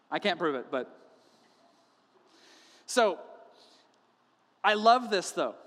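High-voiced pastor in a reverberant hall. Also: male voice, normal speed, long pauses. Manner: animated storytelling, acting out quotes with humor. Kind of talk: sermon. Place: church sanctuary.

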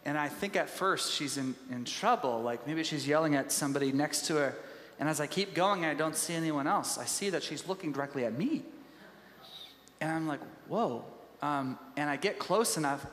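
A man gives a sermon in a loose, conversational storytelling way, often restarting his sentences. His slightly high voice carries a long, roomy reverb from a large church hall. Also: expressive, moderate pace, a bit bright. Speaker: pastor.

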